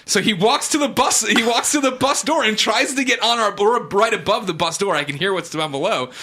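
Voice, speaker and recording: Brief: male storyteller, slightly high voice, animated and chuckly. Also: a little fast. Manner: animated, laughs often while talking. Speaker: podcast guest telling a story. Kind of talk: casual storytelling.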